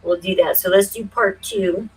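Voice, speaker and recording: A woman in her forties hosting a casual livestream, thinking aloud with many fillers and breaking into quick, emphatic, conspiratorial bursts. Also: medium pitch, fairly even intonation, breathy edge, rough recording. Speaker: livestream host.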